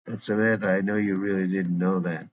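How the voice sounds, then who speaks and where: Kind, fussing mom, read by a man, very deep voice, dull sound. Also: flat delivery, a little fast, close to an everyday voice. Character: fussy, kind middle-aged mother. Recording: dull lo-fi recording with faint hiss.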